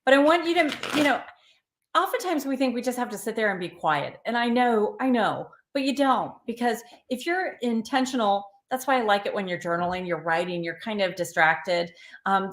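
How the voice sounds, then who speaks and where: A woman's voice: mid-range voice, roomy sound. A woman hosting a live card reading, chatting and encouraging viewers by name. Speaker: tarot reader and live stream host.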